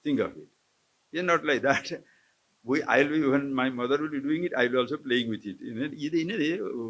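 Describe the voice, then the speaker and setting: A man's voice: mid-range voice, normal speed, fairly bright tone. A man, a swami giving a live spiritual discourse to a camp audience, questioning his listeners and chuckling often. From India. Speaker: swami teaching scripture. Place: lecture hall at an ashram camp.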